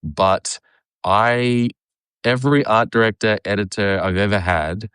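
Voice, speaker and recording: Deep-voiced Australian man, dry sound. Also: a bit bright, clear, resonant tone, no echo. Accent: Australian, partly Americanized. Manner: halting, many fillers and restarts, laughs often. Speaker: cartoonist guest. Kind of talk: casual conversation while drawing.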